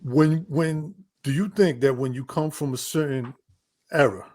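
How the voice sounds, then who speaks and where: A man's voice: on the high side, unhurried, darkish tone. A man hosting a casual interview, agreeable and curious, often answering "right, right".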